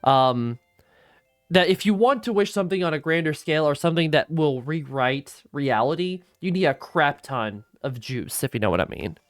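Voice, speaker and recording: A woman's voice: low voice, lively intonation, normal speed, dry recording, faint music behind. Rambling casual woman streamer. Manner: casual, rambling, swears freely. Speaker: gaming streamer. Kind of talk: let's play commentary.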